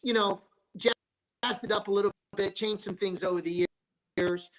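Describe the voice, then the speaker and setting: A man's voice: sits high, fairly even intonation, unhurried, fairly bright tone, low-quality recording. A man, a sports broadcaster and former restaurateur, chatting as a guest on a talk show. He rambles through stories and restarts his sentences often. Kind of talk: casual chat.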